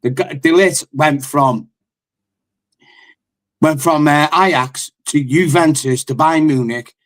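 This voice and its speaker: A man's voice: on the high side, slow pace, fairly bright tone. A man, a football fan on a live call-in panel, talking bluntly, swearing often and telling stories as he rants about his team. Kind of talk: heated fan call-in rant.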